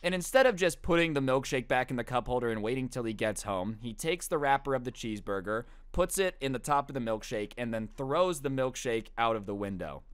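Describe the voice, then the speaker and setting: A young man tells a story in a loose, chatty way, throwing in slang and acting out the people in it. His voice is smooth and clear. It sounds close and dry, with no room echo. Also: medium pitch, a little fast, few pauses. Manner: animated, lots of "like" and "bro", acts out quotes. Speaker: storytime YouTuber. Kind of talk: casual storytelling.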